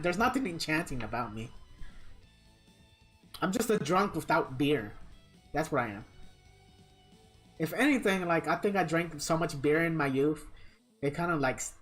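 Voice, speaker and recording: A woman livestreamer chatting casually while gaming, rambling, swearing freely and reading chat comments aloud. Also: low voice.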